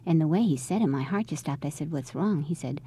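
A middle-aged mother, interviewed about her family, recounts a story and acts out the quoted dialogue in a conversational way. She speaks at a quick pace in a low-pitched, expressive voice with a dark, husky tone.

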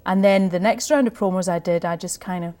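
A woman's voice: fairly low pitch, fairly quick, warm tone. Scottish woman radio host, chatty. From Scotland. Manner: chatty, laughs often, frequent restarts. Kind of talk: conversational interview.

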